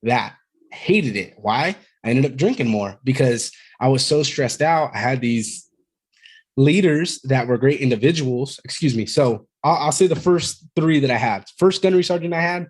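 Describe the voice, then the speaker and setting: A man's voice: medium pitch, expressive, normal speed, a little mellow. A man in his thirties, a podcast guest who talks candidly and at length, rambling a bit and swearing freely. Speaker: podcast guest, Marine veteran. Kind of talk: casual conversational storytelling.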